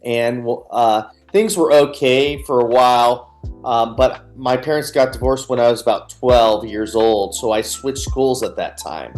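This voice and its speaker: A man's voice: medium pitch, measured pace, a little mellow, faint music behind. Earnest man telling his story. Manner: earnest, candid, retells scenes with quoted dialogue. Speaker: guest. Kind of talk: personal storytelling in a radio interview.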